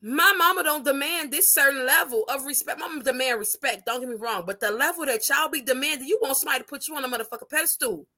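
A woman's voice: high-pitched, fast talker, hardly any pauses, sharp tone. A woman co-hosting a casual podcast, speaking bluntly with profanity. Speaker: podcast co-host. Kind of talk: casual opinionated chat.

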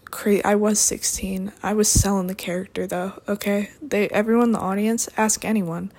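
A young adult woman talking alone in a rambling, deadpan way, drifting between topics with dry asides. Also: medium pitch, moderate pace. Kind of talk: rambling solo monologue.

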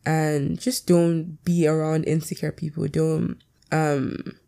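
A woman hosts her own podcast and chats alone at a quick clip, rambling and swearing as she goes. Her voice is low in brightness and mellow, with a lot of vocal fry. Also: little pitch movement. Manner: fast, rambling, candid, swears freely. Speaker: podcast host. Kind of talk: casual solo podcast chat.

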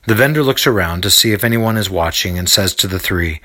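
A man narrating a scripted audio drama in a lively storytelling manner. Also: fairly low pitch, brisk, hardly any pauses.

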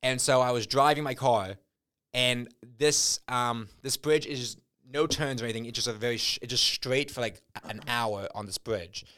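A young man co-hosting a podcast, telling rambling, absurd stories in a casual, deadpan way. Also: medium pitch, normal speed, smooth, no echo, clean studio sound. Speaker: podcast co-host. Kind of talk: casual chat.

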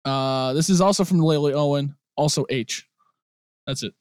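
A man's voice: on the high side, moderate pace, a little mellow, no echo, studio quality. A young man co-hosting a podcast in casual banter, reading emails aloud with laughing asides. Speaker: podcast co-host.

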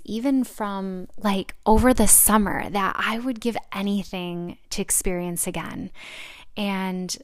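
Young woman podcast host, smooth and slightly low voice, dry close mic, casual and reflective with lots of fillers. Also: dry recording. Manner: reflective, chatty, with many fillers and restarts. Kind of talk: casual solo podcast talk.

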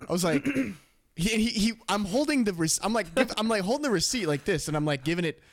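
A man's voice: high voice, lively intonation, brisk. A young man co-hosting a podcast, telling a rambling, profane story full of laughter in casual chat. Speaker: podcast co-host.

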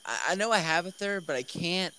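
A man's voice: high voice, fairly quick, bright, forceful tone, a little hiss or hum. A young man co-hosting a casual chat, teasing and playful, who often repeats phrases. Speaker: podcast co-host.

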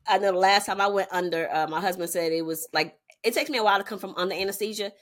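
A woman in her thirties cohosts a podcast, telling family stories in a casual chat punctuated by frequent laughter. Her storytelling is animated, delivered quickly at a medium pitch.

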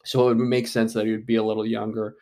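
A man's voice: on the low side, level tone, fast, dark tone. A man giving casual solo commentary on an upcoming movie, rambling with many fillers and restarts and swearing casually.

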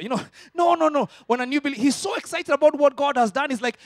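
A pastor in his forties preaches with a fairly high voice, jumping from near-shouts to hushed, close asides. His voice is caught dry and up close, with no room sound. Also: brisk, dry recording. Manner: animated, swinging from loud shouting to soft intimate tones. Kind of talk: sermon.

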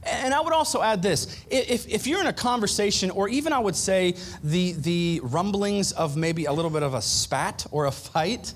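A male pastor giving a sermon in a relaxed, joking, conversational way, with asides to the congregation. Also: high-pitched, moderate pace, few pauses, slight background noise. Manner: humorous, conversational preaching with audience asides.

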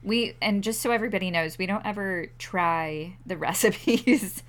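A woman's voice: mid-range voice, normal speed. Joking woman podcast co-host. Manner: joking, self-deprecating banter. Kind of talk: casual chat.

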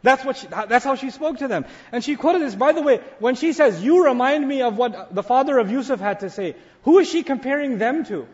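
A man's voice: extremely high pitch, lively intonation, fairly quick, hardly any pauses. A man giving a sermon-style talk who retells a story with animation, putting questions to his audience and answering them himself. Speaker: Islamic speaker. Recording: dull lecture hall recording with long reverb.

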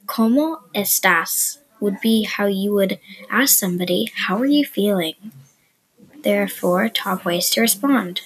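A woman hosting a podcast and teaching beginner Spanish in a chatty, explanatory way, with soft asides. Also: medium pitch, a little slow, very noisy. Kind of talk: casual beginner language lesson.

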